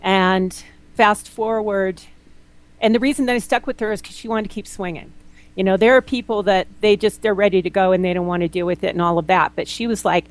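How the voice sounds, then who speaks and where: A straight-talking woman guest who tells her stories with real animation. She acts out other people's lines in a lively way and doesn't sugarcoat anything. Her voice sits at an ordinary middle pitch for a woman. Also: fairly quick, rough recording. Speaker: naturopath guest. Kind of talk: candid interview conversation.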